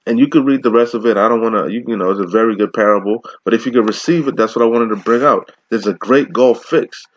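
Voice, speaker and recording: A man giving an informal scripture lesson, mixing slow, deliberate verse readings with casual, profane slang asides and frequent laughs. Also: on the low side, no room sound, dull audio. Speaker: scripture teacher.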